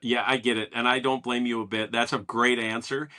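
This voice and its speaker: A man's voice: medium pitch, flat delivery, a little fast, sharp tone. A man hosting a podcast, chatting casually and telling stories with enthusiasm, acting out what people said. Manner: enthusiastic storyteller, acts out quotes. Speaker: podcast host. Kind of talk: casual interview chat.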